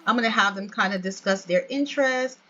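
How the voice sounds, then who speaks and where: A woman's voice: medium pitch, brisk, a bit bright, muffled recording, a little hiss or hum. A woman giving casual, chatty gameplay narration as a let's play host, often addressing her viewers as "y'all".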